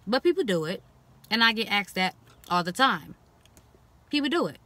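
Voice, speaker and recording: A woman's voice: mid-range voice, moderate pace, noisy background. A young woman in a casual talking-to-camera vlog, speaking frankly and bluntly and acting out the things people say to her in mocking voices. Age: young adult. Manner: animated, expressive, quoting others in mocking voices. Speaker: vlogger.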